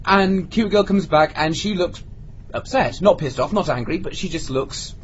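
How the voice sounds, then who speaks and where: Animated man telling a story. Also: a little high, normal speed. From Britain. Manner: animated anecdote-telling, acting out quoted lines. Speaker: podcast co-host. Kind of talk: casual storytelling among friends. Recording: lo-fi podcast with faint noise.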